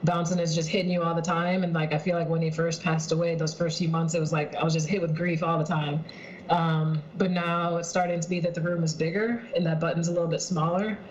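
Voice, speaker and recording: A woman's voice: lowish voice, little pitch movement, a little fast, dull audio, a little hiss or hum. A woman casually telling a personal story on a video call from home, chatty and heartfelt, with lots of "like" and "um". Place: at home in her apartment, heater running.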